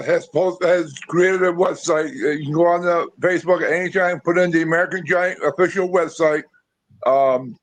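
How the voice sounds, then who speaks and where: A pro wrestler being interviewed, talking straight and plain, calling people brother. His voice sits a little high for a man, in relaxed podcast chat. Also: low-quality recording. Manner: blunt, calls people brother.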